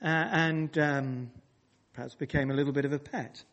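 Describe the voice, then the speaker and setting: A man's voice: on the high side, steady tone, normal speed, fairly bright tone, dull audio. A man preaching a sermon to his congregation, emphatic and repeating phrases for weight, speaking directly to the people in the church.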